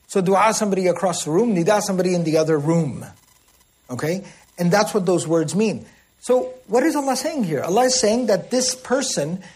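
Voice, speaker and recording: A man giving a religious lesson, explaining Arabic words and reciting Arabic passages quickly, often checking in with his listeners. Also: high-pitched, a little mellow, slightly rough. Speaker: Quran teacher.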